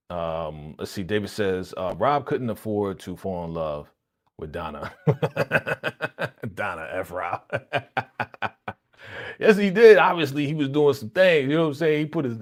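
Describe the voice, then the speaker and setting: A man hosting a live reaction stream, talking in an animated, slangy way straight to his chat. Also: lowish voice. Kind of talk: casual live reaction commentary.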